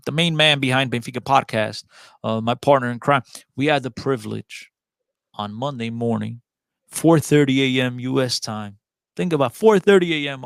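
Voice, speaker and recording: Excitable storytelling man, dry sound. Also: medium pitch, vocal fry, no room sound. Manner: excited storyteller, rambling with restarts. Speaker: podcast guest, club fan. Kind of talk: casual podcast chat.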